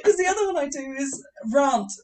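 Lively, giggly English woman, a bit off-mic. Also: a little high, moderate pace, far from the mic, very noisy. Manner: giggly, animated, laughs often. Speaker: podcast co-host. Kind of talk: casual chat.

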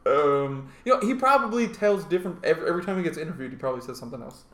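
A man's voice: on the high side, animated, rapid-fire. A man co-hosting a casual podcast, swearing freely and joking around. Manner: profane, jokey, slips into loud mock shouting. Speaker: podcast co-host. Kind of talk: casual chat. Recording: echoey room with faint background noise.

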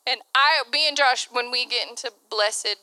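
A woman's voice: on the high side, moderate pace, bright, forceful tone, smooth, no room sound. A woman pastor preaching a candid sermon, laughing often and acting out the voices she quotes.

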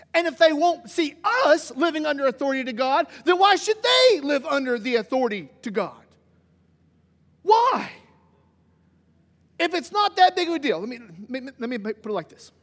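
Man, pastor, very high voice, animated sermon, long hall echo. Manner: animated, swings from loud emphasis to hushed.

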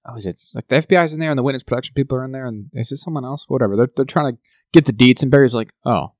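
A man co-hosting a podcast in casual chat, animated and quick to laugh. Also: medium pitch, dry recording, studio quality. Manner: animated, laughs often, talks over partner. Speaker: podcast co-host.

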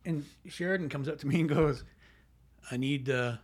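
A middle-aged man with a gruff manner, recounting a set story in casual chat. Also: on the high side, normal speed.

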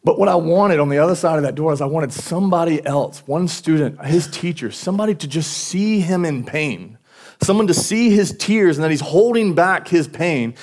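A man, a pastor, preaching a conversational sermon and telling stories that grow louder and higher as he gets emotional. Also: lively intonation, normal speed.

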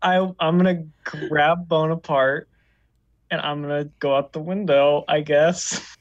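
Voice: medium pitch, steady tone, a little slow. Hesitant player on a dull lo-fi mic. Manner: hesitant, swears when rolls go badly. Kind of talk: casual tabletop play.

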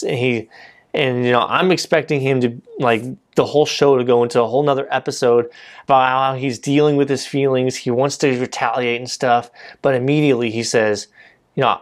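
A man's voice: medium pitch, brisk. A man giving a casual, conversational sermon, often saying "you know" and restarting his sentences. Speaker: preacher.

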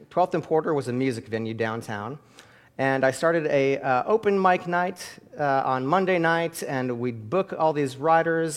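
A middle-aged man preaching a sermon as pastor, chatty and full of fillers in his stories, then building to loud, high calls for the congregation to pray along. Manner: conversational storytelling with many fillers.

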